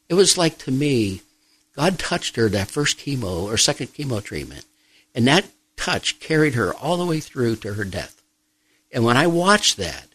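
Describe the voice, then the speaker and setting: A middle-aged man, a pastor and grief counselor, speaking softly and reflectively in an interview, pausing often. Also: mid-range voice, low-quality recording. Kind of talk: personal testimony in an interview.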